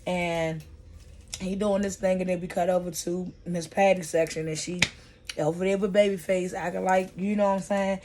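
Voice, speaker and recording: A woman casually recapping TV episodes for her vlog, chatty and slangy with plenty of profanity, her pace and loudness often shifting. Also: fairly low pitch, fairly even intonation, normal speed, noisy background. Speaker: vlogger reviewing a TV series.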